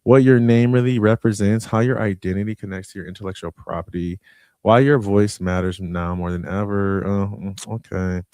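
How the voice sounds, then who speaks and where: A man in his thirties hosting a live online community call, shouting out names with slangy, excitable energy and talking casually while sharing his screen. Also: fairly low pitch, normal speed, no echo, clean studio sound. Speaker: host. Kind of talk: hype-filled live community broadcast.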